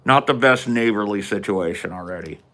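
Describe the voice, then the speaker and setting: A man hosting a podcast, telling a funny story in an animated, profane way. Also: on the low side, moderate pace. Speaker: podcast host. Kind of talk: comedic storytelling.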